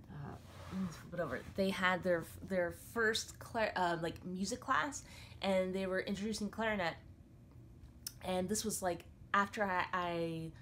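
A woman's voice: mid-range voice, a bit bright, a little hiss or hum. Young adult woman, casual show-and-tell vlogger, chatty with frequent ums. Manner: chatty, many fillers and restarts. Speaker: clarinetist showing her gig bag. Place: apartment.

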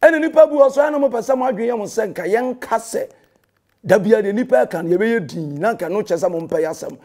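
A man's voice: high voice, lively intonation, fairly quick, mellow. A Ghanaian man, a pastor, delivering a heated and confrontational rebuttal that scolds a rival and mixes in English phrases.

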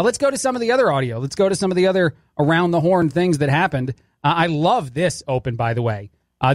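Male fill-in radio host, higher register, dry studio sound, wry and opinionated. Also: no echo. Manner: wry, critiques clips as he plays them. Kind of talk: opinionated talk radio commentary.

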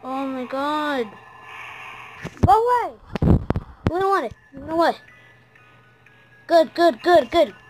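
Jumpy high-voiced woman gaming. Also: animated, slow, long pauses, noisy background. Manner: jumpy, exclaiming, yelling at game characters. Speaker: gamer. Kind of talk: horror game let's-play commentary.

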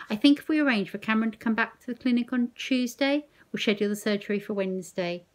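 A woman's voice: fairly high pitch, fast talker, close to an everyday voice. A woman reading aloud as a blunt, brusque male transplant doctor with a clipped, matter-of-fact delivery.

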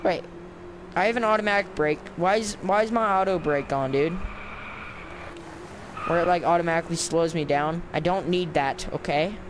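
A man's voice: a little high, normal speed, pauses often. A man giving casual, sarcastic let's-play commentary while grumbling at the game. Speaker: gameplay commentator. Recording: clear background noise with game car sounds.

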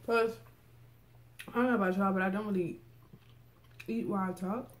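A woman's voice: mid-range voice, steady tone, normal speed. A young woman, chatting casually to her viewers while eating, sometimes with her mouth full. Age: young adult. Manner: chatty, laid-back, talks with mouth full. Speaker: vlogger. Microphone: camera set up in front of her.

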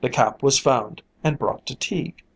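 Storyteller for a fairy-tale reading; slow, lilting, unhurried. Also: medium pitch, gravelly, slightly rough, low-quality recording.

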